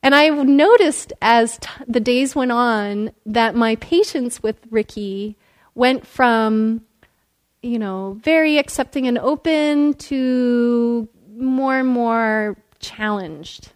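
During a dharma talk on meditation, a woman teacher shares a story at a slow, unhurried pace. Her somewhat high voice is gentle and relaxed, often broken by soft laughter.

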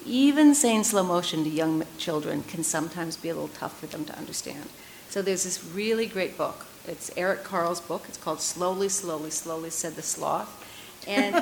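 A woman leading a mindfulness workshop, polling the audience with quick, upbeat questions and then reading a picture book aloud. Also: lowish voice, slight background noise, low-quality recording. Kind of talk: workshop teaching and story reading. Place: meditation center workshop room.

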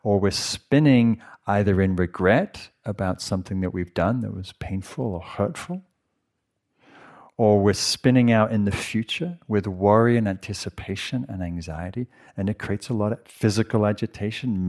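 A man, a meditation teacher, giving a gentle, conversational dharma talk to a retreat audience and asking them questions. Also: fairly low pitch, moderate pace. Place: meditation hall.

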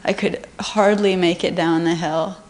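A woman's voice: fairly low pitch, fairly even intonation, a little slow. A woman at a meditation retreat, sharing a personal experience earnestly and emotionally. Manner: earnest, emotional, laughing often. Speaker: retreat participant.

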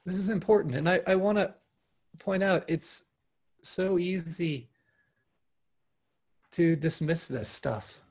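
A man with a husky, slightly breathy voice that sits a little high for a man gives a heartfelt talk at a meditation retreat. He speaks with lively warmth and enthusiasm, often restarting his phrases and breaking into soft laughter. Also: takes it slowly, pauses often. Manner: earnest and animated, with frequent restarts and soft laughs. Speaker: meditation teacher. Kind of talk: dharma talk at an online retreat. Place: home, over a video call.

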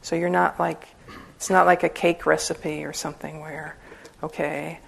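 A woman with a low, gravelly voice gives a relaxed talk on meditation practice. She speaks as a Buddhist teacher, chatty and joking, and laughs often as she explains. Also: moderate pace, rough recording. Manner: conversational and humorous, laughing often. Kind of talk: informal dharma talk.

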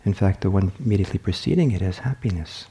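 In this dharma talk, a male meditation teacher speaks with a low, smooth voice that feels warm and unhurried. He's gentle and reflective, often stopping and beginning a phrase again while working his way to the next idea. Faint noise sits in the background.

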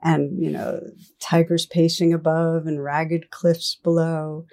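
A middle-aged woman gives a dharma talk in a gentle, reflective and personal way. Her voice is low and mellow, and she speaks slowly and unhurriedly. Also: little pitch movement. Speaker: meditation teacher.

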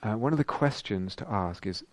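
A man's voice: lowish voice, animated, moderate pace, dry recording. A middle-aged man giving a dharma talk as a meditation teacher, reflective and searching, with frequent ums and rhetorical questions.

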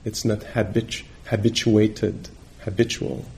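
A male meditation teacher giving a dharma talk on retreat, gentle and reflective, pausing often as he searches for words. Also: on the low side, level tone, creaky, a little hiss or hum. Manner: halting, searching for words with many pauses.

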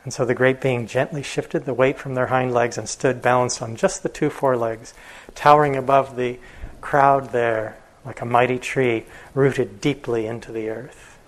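A man's voice: mid-range voice, moderate pace, low-quality recording. Man telling a story in a dharma talk. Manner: relaxed, with fillers and chuckles. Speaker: meditation teacher.

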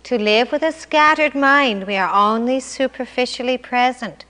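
A woman meditation teacher giving a calm, reflective dharma talk. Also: on the high side, moderate pace, in a large hall. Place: meditation hall.

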